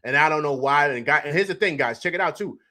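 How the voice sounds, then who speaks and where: A man's voice: a little high, fast, bright, forceful tone. Chatty man hosting a live sports show. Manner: loose, chatty, repeats himself, laughs often; reads out chat comments. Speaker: sports talk show host. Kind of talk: casual live-stream reaction talk.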